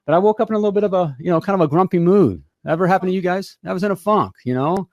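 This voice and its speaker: A man's voice: sits high, racing, a little mellow, no echo. An American man hosting a live talk show from a home studio, talking in an upbeat, rambling way with lots of fillers and repeats. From United States. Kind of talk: casual live show chat.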